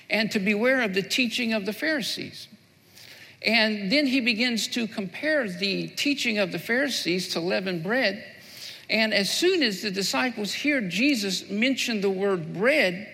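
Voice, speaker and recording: A man preaches in a raised, gravelly voice with a bright, forceful edge. He is earnest and circles back over his key phrases to drive them home. His words ring out with the long reverb of a big hall. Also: high voice, a little slow. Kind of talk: sermon with prayer.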